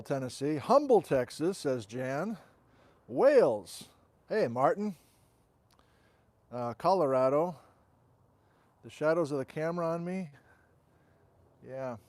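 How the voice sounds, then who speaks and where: A man hosts a relaxed livestream outdoors and chats easily as he greets viewers by where they are tuning in from. His voice sits a little high for a man. He speaks into a wireless mic, and the sound is dry, with no room echo. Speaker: host. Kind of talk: casual livestream chat. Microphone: wireless transmitter and receiver.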